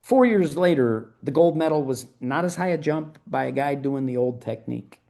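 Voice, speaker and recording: Fired-up, profane man with gravelly voice. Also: on the high side, lively intonation, moderate pace, dark tone. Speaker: guest. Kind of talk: podcast interview.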